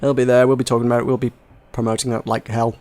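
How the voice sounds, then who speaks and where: A man's voice: medium pitch, level tone, rapid-fire, a little mellow. A man hosting a casual video game podcast, rambling, laughing and swearing as he talks. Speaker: podcast host. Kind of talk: casual podcast chat about video games.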